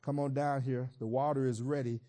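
A man's voice: medium pitch, fairly even intonation, a little fast, warm tone. A pastor preaching a sermon, speaking earnestly and directly to his congregation.

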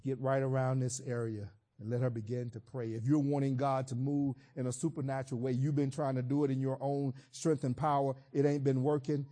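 A man's voice: medium pitch, little pitch movement, a little fast, few pauses, warm tone. A pastor preaching a sermon, speaking earnestly and directly to his congregation.

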